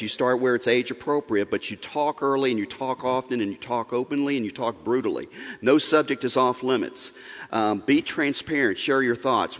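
Frank middle-aged man in a reverberant hall. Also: medium pitch. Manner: frank, earnest, plain-spoken. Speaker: parenting workshop speaker. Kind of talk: church seminar talk.

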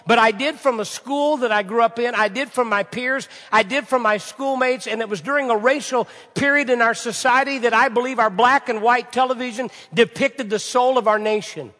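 A man's voice: very high voice, normal speed, hardly any pauses, sharp tone. A man preaching a sermon to a congregation, asking rhetorical questions and repeating phrases for emphasis. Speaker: pastor. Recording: reverberant hall.

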